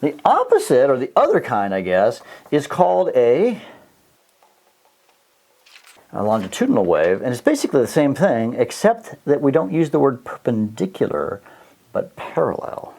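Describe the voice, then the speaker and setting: A middle-aged man teaching a science lesson on video, jokey and animated, sometimes stretching his voice high or low for effect. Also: moderate pace, creaky.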